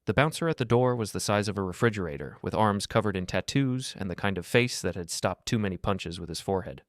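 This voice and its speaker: A man narrating a scripted first-person story in a steady, gruff, matter-of-fact way. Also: lowish voice, quick pace, dry recording, clean studio sound.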